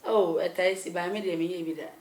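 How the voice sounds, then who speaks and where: A woman telling her story in a conversational interview, animated and laughing often. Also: on the low side, fairly quick, roomy sound.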